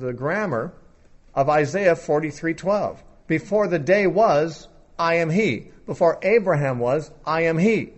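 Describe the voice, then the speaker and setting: A man explaining a Bible passage in an unscripted teaching talk, thinking aloud with occasional fillers. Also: on the high side.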